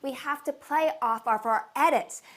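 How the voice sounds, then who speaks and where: A woman hosting a live stream, coaching viewers on making videos in a playful, animated way and greeting them directly. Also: high-pitched, moderate pace. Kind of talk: lively live-stream talk. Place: home setup with two cameras.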